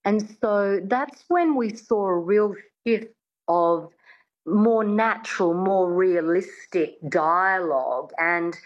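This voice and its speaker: A woman's voice: lowish voice, dull audio. A woman accent coach, chatty and explanatory, talking in a radio interview. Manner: chatty, explanatory, fond of filler words.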